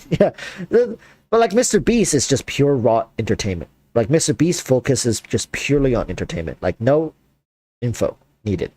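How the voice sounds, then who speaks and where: A man hosting a casual chat, talking in an animated, rambling way with lots of fillers. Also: mid-range voice, moderate pace, dry recording. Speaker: content creator and host.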